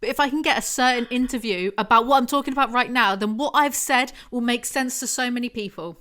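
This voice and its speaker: Chatty bright-voiced young woman. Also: a little high, quick pace. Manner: chatty, rambling, self-deprecating with frequent laughs. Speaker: podcast host. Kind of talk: casual podcast chat.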